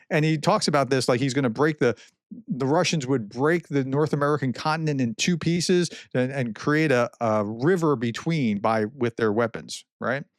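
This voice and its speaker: A male professor explains the news in an easy, conversational way, breaking off for asides and restarting sentences. His voice sits at an ordinary middle pitch. The recording is dry and close, with no room echo. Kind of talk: commentary on news clips.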